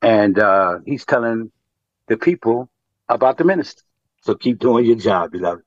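A man calling in to share his story and advice, speaking haltingly with many pauses and fillers. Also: on the low side, expressive, dry recording, highs cut off. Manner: halting, many fillers, addresses listener as beloved. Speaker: caller. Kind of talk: call-in sharing testimony and advice.

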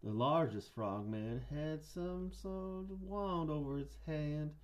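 A man's voice: a little high, pitched above the performer's own voice. A man putting on a drawling Southern storyteller. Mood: spooky storytelling. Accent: Southern US (put on). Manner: slow, stretched-out drawl. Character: drawling Southern man telling a creepy tale.

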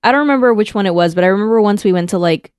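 A woman's voice: medium pitch, very fast, clear, resonant tone, no room sound, studio quality. A woman in casual podcast chat, bluntly griping about annoying people. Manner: blunt, lively complaining.

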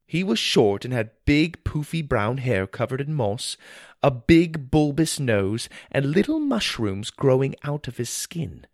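A man narrating a children's fantasy story in the first person, with an expressive, wonder-filled delivery. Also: mid-range voice, measured pace, no echo.

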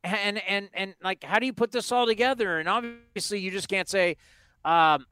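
Man, sports talk host, fairly high voice, smooth tone, dry close sound, animated rhetorical questions. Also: normal speed, no echo. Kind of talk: casual baseball talk.

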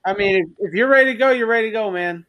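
A man's voice: high voice, rapid-fire, pushed and bright. A man hosting a casual podcast chat, rambling with lots of filler words. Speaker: podcast host.

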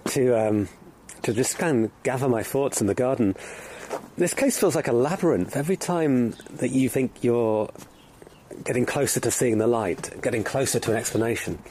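A man's voice: mid-range voice, a little mellow, slight background noise. A man hosting and narrating an investigative documentary podcast in a reflective, earnest way.

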